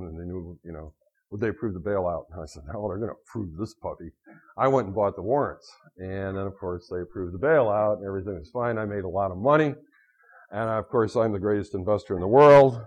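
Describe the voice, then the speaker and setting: Man lecturing with lively anecdotes. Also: fairly low pitch, husky. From United States. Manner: lively anecdotal storytelling, acting out quotes. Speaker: finance lecturer. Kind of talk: lecture to a class. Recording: dull lo-fi lecture recording.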